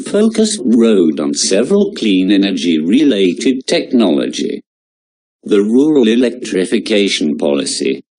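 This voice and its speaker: Slow, deep-voiced man reading notes. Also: a little mellow. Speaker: lecturer. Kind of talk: reading lecture notes aloud.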